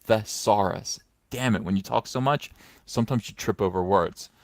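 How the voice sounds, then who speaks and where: A man's voice: on the low side, moderate pace, no room sound, clean studio sound. A middle-aged man giving sarcastic, mocking commentary in a rambling way with many fillers, recorded on a phone on a stand. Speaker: comics commentator. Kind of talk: casual commentary vlog.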